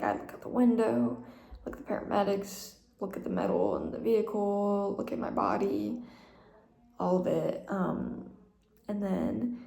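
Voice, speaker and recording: A woman's voice: medium pitch, vocal fry, warm tone, roomy sound. A young woman telling a personal story in a casual, chatty way, with lots of fillers and small laughs. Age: young adult. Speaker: vlogger.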